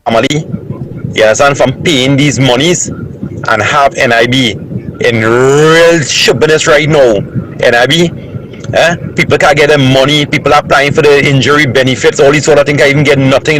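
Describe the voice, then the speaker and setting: A man's voice: fairly high pitch, a bit bright, slight background noise, low-quality recording. A man with a Trinidadian accent sending an angry, ranting voice note to a talk show. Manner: angry ranting, repeating "boy". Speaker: caller.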